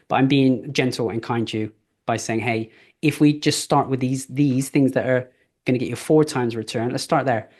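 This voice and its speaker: In a casual live training talk, a middle-aged man with a medium-pitched, slightly mellow voice coaches on business, chatting and telling stories full of fillers.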